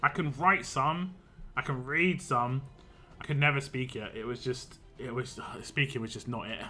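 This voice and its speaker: A man's voice: mid-range voice, moderate pace, bright, forceful tone, faint music behind. A man, a game streamer, chatting casually and rambling on a live stream, laughing often.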